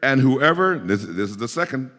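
A man's voice: mid-range voice, very animated, normal speed, in a large hall. A man preaching a sermon, explaining scripture verse by verse and pressing his points with emphatic exhortation. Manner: emphatic, rising to forceful exhortation.

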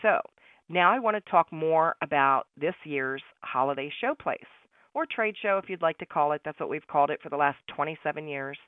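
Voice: mid-range voice, animated, a little fast, no echo. A radio host promoting a barter network in an upbeat, salesy and chatty way, sometimes correcting themself mid-sentence. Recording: tinny phone-like radio sound, dry.

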